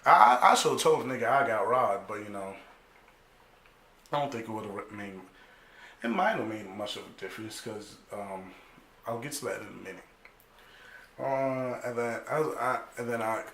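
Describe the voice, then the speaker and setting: A young man telling a story casually, animated and profane, full of slang, acting out other people's lines. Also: fairly low pitch, gravelly, a little hiss or hum. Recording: echoey room.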